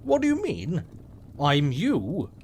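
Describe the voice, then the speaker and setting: A man's voice: a little high, huge pitch swings, slow pace, darkish tone, a little hiss or hum, exaggerated voice. A man voicing a bossy, defiant six-year-old girl who talks in an indignant, bratty way.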